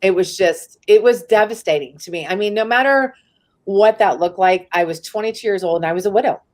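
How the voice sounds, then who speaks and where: A woman's voice: medium pitch, a little fast, a little mellow. A woman from the San Francisco Bay Area, a guest in a live interview, tells a personal story in a casual, candid way. She often says "like" and swears freely.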